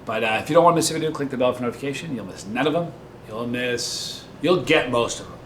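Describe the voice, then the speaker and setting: A man's voice: medium pitch, fast, fairly bright tone. Chatty man in an echoey room. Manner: joking, chatty storyteller. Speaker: vlog host. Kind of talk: casual talk to camera. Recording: roomy echo with faint noise.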